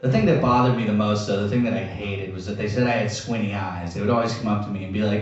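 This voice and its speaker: A man's voice: fairly low pitch, steady tone, fast, few pauses, recorded from a distance. A young man doing brash stand-up comedy, acting out schoolyard exchanges. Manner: brash, acts out schoolyard voices. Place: live comedy venue with audience. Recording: echoey venue, from afar, muffled.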